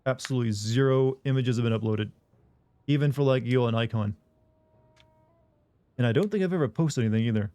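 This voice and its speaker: A man's voice: medium pitch, a little fast, pauses often, mellow, no echo. A man streaming a video game, talking casually and rambling with lots of self-corrections. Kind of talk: casual live-stream chat while gaming.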